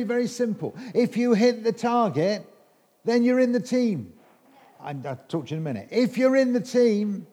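A man's voice: sits high, dark tone. A middle-aged English man preaching an all-age sermon, quizzing children in a playful, teasing way.

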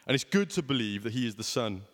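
A man's voice: mid-range voice, big pitch swings, fast, a bit bright. Young man, preaching, chatty, rhetorical questions, long echo in a church hall. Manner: conversational, asks rhetorical questions. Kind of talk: sermon.

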